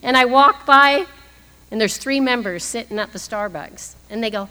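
A woman's voice: a little high, normal speed, bright, forceful tone. A woman in her fifties sharing a humorous personal story as the speaker at a recovery meeting, laughing often as she talks. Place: meeting hall. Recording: long hall reverb.

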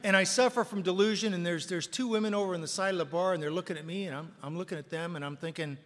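A man telling a self-mocking story to an audience, acting out voices and loud punchlines. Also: high-pitched, quick pace, big-room sound, background noise. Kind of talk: recovery storytelling with comic bits.

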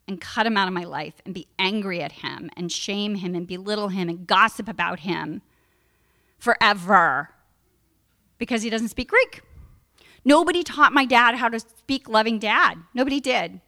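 A woman's voice: medium pitch, expressive, normal speed, vocal fry, sharp tone. A middle-aged woman giving a candid personal testimony at a recovery meeting, emphatic and frank. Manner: candid, emphatic, acts out her past self in raised voice.

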